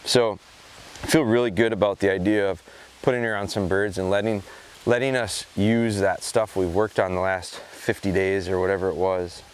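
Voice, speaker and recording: A man's voice: steady tone, moderate pace, smooth. A man training his gun dog in a field, explaining his approach to the camera in a casual, reflective way. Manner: talks to the camera, then calls to a dog in high, sing-song praise. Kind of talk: casual outdoor training commentary. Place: outdoors in a field.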